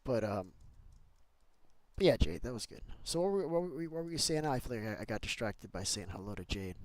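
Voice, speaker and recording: A man's voice: medium pitch, very animated, fairly quick, a little hiss or hum. A man streaming a building game, chatting casually with a friend and his viewers and easily getting sidetracked. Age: adult with kids. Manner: chatty, easily sidetracked, keeps greeting the chat. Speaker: Minecraft streamer. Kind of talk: casual livestream chat while gaming.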